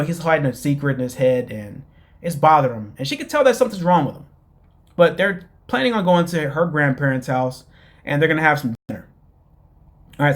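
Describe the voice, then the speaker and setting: A man rambles through a reality-show recap in a loose, mocking way, packing his talk with fillers. His voice sits fairly high for a man. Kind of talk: casual recap commentary.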